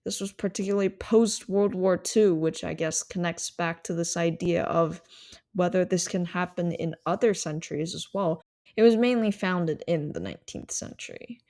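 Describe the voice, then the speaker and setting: A woman hosts a solo podcast and muses her way through history and ideas. Her voice sits on the low side, with a lot of vocal fry. She explains things reflectively and thinks aloud as she goes. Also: normal speed, darkish tone. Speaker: podcast host.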